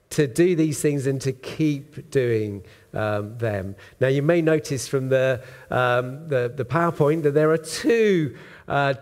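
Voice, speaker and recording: A man preaching a sermon in church, in a relaxed conversational way with frequent ums and uhs. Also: fairly high pitch. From Britain. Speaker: pastor.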